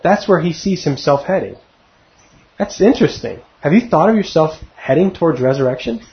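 Here the middle-aged Bible teacher sounds fairly high-pitched, animated and brisk, captured on a dull lo-fi recording. He works through the passage one verse at a time in a conversational way, frequently asking his audience questions.

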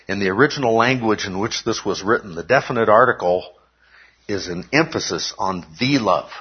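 At a church service, a man with a fairly low, slightly rough voice preaches to his congregation at a moderate pace. He teaches step by step, often checking in with "okay?". The recording is dull and lo-fi.

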